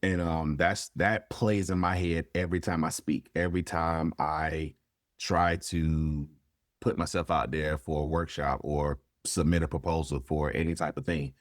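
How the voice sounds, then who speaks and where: A man with a very low voice talks candidly and freely swears in a relaxed interview. He slips into animated quoted voices now and then. The sound is dry and close. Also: a little slow, dry recording. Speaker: podcast guest, therapist. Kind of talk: casual conversation.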